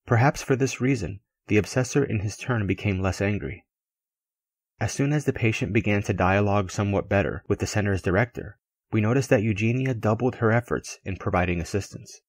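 A man reads an audiobook in a steady, earnest, measured way. His voice is low and the recording is dry and close, with no room sound. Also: dry recording. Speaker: audiobook reader. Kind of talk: scripted audiobook narration.

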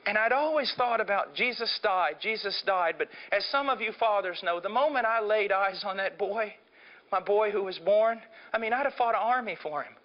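A middle-aged man preaching a sermon with passion, dropping to a hush and then rising to a shout. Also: high-pitched, a little fast. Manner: impassioned, swinging from hushed to shouting. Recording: dull lo-fi sermon recording.

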